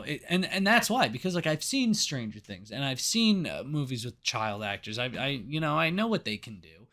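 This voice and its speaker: A man's voice: medium pitch, sharp tone. Casual, profane man recapping a movie. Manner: casual, swears freely, lots of fillers. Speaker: podcast co-host. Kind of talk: casual movie review chat.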